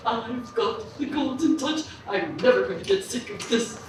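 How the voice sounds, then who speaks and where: A woman acting as a greedy, giddy king who exclaims over everything with a high, swooping voice. He talks slowly and brightly. The sound booms with echo and comes from well away from the mic. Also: huge pitch swings, a little hiss or hum, exaggerated voice. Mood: puzzled. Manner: exclaiming, wonderstruck, theatrical. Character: greedy, giddy king, middle-aged man. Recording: booming echo, mic far off.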